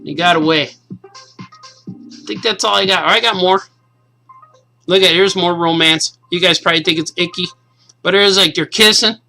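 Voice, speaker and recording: A man in his forties, a cartoonist, casually and excitedly reading his comic aloud to kids. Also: high voice, normal speed, creaky, long pauses, soft background music, low-quality recording. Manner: enthusiastic, casual, says "man" a lot.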